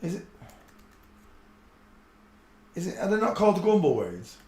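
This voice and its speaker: A man's voice: high voice, sing-song, normal speed, a little mellow. A man hosting a casual live stream, rambling and muttering to himself as he searches for clips. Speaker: channel host. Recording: echoey room.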